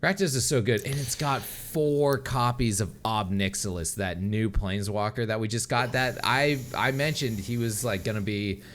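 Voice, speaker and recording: A man co-hosting a podcast in casual chat, excitable, swearing a lot and laughing often. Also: on the low side, normal speed, few pauses, a little hiss or hum. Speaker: podcast co-host.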